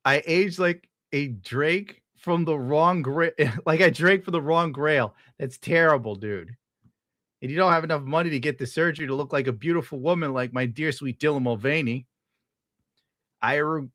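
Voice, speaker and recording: A man's voice: on the high side, moderate pace, fairly bright tone, no room sound, clean studio sound. A man livestreaming, reading chat and ranting in a rambling, profane way with frequent laughs. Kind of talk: casual livestream rant.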